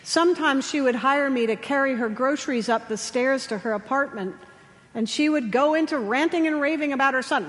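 A woman chaplain preaching a sermon, telling stories gently with slow, emphatic pauses. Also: high voice. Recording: long hall reverb.

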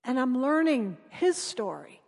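A woman preacher tells stories in a sermon, earnest and often dropping soft for emphasis. Her voice sits high. A long reverb fills the church around her. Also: very animated, unhurried, gravelly. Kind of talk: sermon with storytelling.

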